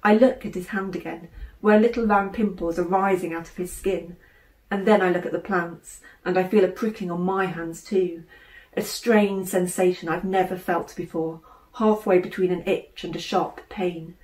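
A woman, an author, reading her children's novel aloud in measured, expressive narration. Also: fairly low pitch. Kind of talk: audiobook narration. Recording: roomy room echo.

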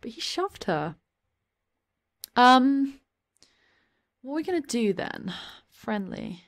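A young woman giving chatty let's play commentary, often slipping into quick asides in her characters' voices. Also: a little high, very animated. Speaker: gameplay commentator. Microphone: desk USB microphone.

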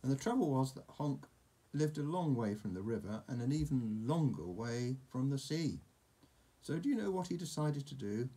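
Man reading a picture book with lively pitch. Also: moderate pace, breathy edge. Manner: playful, chatty asides to a child. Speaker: storyteller reading to a child. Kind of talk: picture-book read-aloud.

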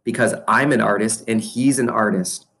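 A man's voice: fairly low pitch, moderate pace, creaky, a bit bright. A man reading aloud voices an earnest young girl who talks in an eager, pleading way.

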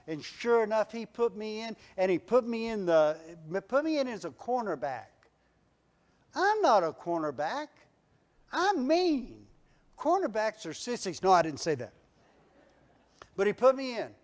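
A man pastor preaching a folksy sermon in a church, building to near-shouts on his refrains. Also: sits high, big pitch swings, measured pace. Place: church sanctuary.

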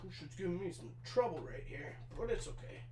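Chatty high-voiced young man streaming. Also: lively intonation, fairly quick, mellow. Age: 20s. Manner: chatty, talks to chat while assembling a chair, swears casually. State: sweaty and overheated from work. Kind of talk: casual live-stream chat. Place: small room in his trailer. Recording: echoey room with faint hum.

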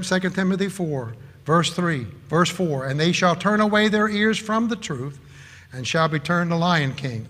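A man preaching a sermon, telling animated stories and acting out the people he quotes. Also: high voice, in a large hall. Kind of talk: sermon with anecdotes.

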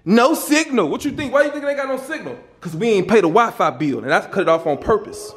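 A man with a Southern US accent, pranking his kids as a vlogger dad, loud, bossy and teasing. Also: high-pitched, lively intonation, quick pace, echoey room, crowd noise. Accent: Southern US Black English. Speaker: vlogger, father.

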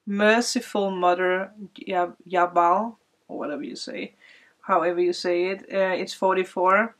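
A woman's voice: on the low side, fairly even intonation, unhurried. A woman giving a casual, emotional tarot card reading, tearful at times, with frequent fillers.

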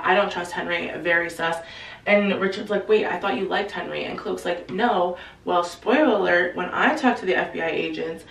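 A woman's voice: medium pitch, far from the mic. A young woman tells a story in a chatty, slangy way and briefly acts out each character's lines. Her voice sits a little back from the mic, in a room with a noticeable echo. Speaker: book recap host. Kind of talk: casual storytelling recap.

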